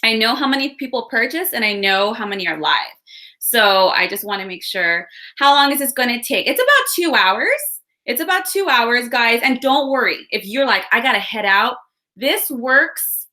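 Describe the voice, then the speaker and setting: A bubbly workshop host runs a live webinar from a room at home with a window, her voice sitting on the high side with a sharp tone. She's chatty and upbeat, welcoming viewers by naming their locations.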